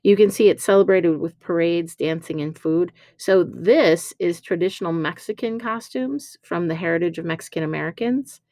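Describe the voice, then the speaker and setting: A woman teacher walks through a recorded slide lesson. She is chatty and explains with fillers and quick self-corrections. Her voice sits low and sounds dry, close to a computer mic. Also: dark tone, no echo.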